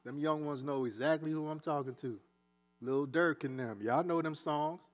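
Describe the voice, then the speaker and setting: A man preaching a sermon in a church, animated and conversational, with asides and dialect. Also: a little high, moderate pace. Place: church sanctuary.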